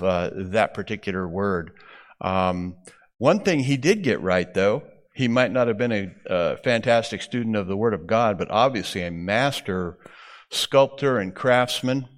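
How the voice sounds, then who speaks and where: A man teaching a Bible class, explaining slides in an unhurried way with frequent fillers. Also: fairly low pitch.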